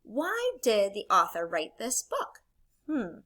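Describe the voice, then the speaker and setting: A woman's voice: mid-range voice, huge pitch swings, slow pace, bright, forceful tone. A woman teacher giving a recorded classroom lesson, explaining patiently and encouraging students step by step.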